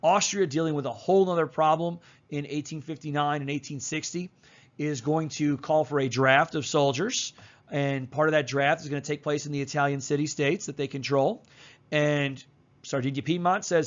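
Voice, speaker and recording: Chatty male history teacher, slightly high voice. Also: steady tone, moderate pace, muffled recording. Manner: casual and chatty, with slang and fillers. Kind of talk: casual recorded lecture.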